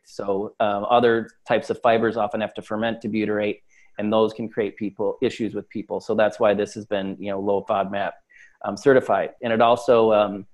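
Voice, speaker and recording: A man speaking as an interview guest in casual chat, talkative and full of fillers. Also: fairly low pitch. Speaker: supplement company guest.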